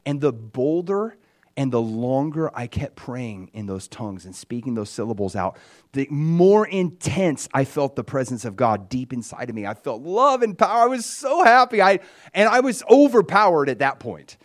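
A man's voice: on the high side, normal speed. Man telling a story in a testimony sermon. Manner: storytelling, swings from hushed near-whisper to loud and excited.

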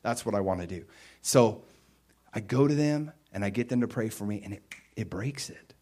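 A man preaching a sermon in a conversational way, with emphatic bursts and quieter stretches. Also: on the low side, lively intonation, moderate pace. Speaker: pastor.

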